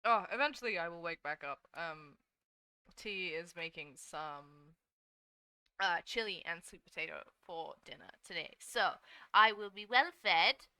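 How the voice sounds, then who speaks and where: A woman's voice: fairly low pitch, unhurried, bright, forceful tone, clean tone, dry recording. A young woman streaming as a VTuber, chatting casually and sleepily with her viewers while she draws, swearing now and then. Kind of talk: casual live-stream chat while drawing.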